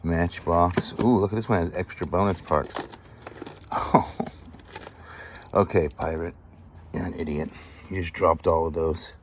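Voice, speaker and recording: A man with a low, deep voice gives casual show-and-tell commentary on his finds. He talks in an excited, chatty way and sizes up the value of each item aloud, with a faint hiss of background noise under him. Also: measured pace, long pauses. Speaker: vlogger sorting a storage unit find.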